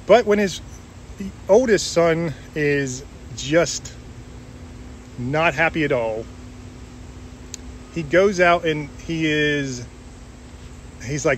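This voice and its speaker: A man's voice: on the high side, takes it slowly, pauses often, slight background noise. A man giving an informal Bible talk, retelling a parable in a conversational way with restarts and fillers. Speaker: Bible teacher.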